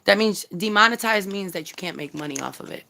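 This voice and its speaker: A woman's voice: mid-range voice, expressive, quick pace, gravelly, pushed and bright, slight background noise. A woman vlogger ranting bluntly and heatedly on a casual live stream, swearing freely and talking straight to her viewers. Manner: chats directly with viewers. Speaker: YouTube commentary vlogger.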